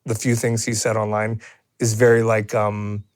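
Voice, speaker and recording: A man's voice: fairly low pitch, level tone, normal speed. A man co-hosting a podcast in a studio, rambling in casual chat with many restarts and fillers. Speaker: podcast co-host.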